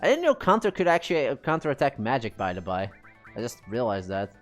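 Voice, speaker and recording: A man's voice: medium pitch, very animated, fast, soft background music. A man giving chatty, self-amused commentary while playing a game on a live stream.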